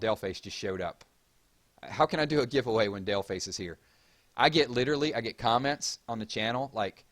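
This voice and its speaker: A man with a Southern US accent from Georgia, hosting a casual livestream and chatting as he reads out viewer comments. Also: mid-range voice. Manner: chatty, reads chat aloud and gives shout-outs. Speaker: livestream host.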